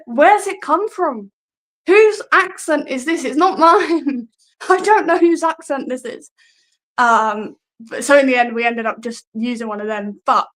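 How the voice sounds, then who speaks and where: A woman's voice: on the high side, a bit bright, poor audio. Laughing, self-effacing woman wrestler. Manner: self-deprecating, hesitant, laughs often. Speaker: guest wrestler. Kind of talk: casual interview answers.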